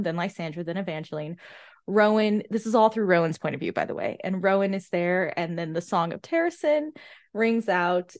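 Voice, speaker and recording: A woman's voice: lowish voice, a little mellow. A woman hosting a podcast, earnestly recapping and discussing a fantasy novel in a casual, sentimental way, with frequent restarts. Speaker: podcast host.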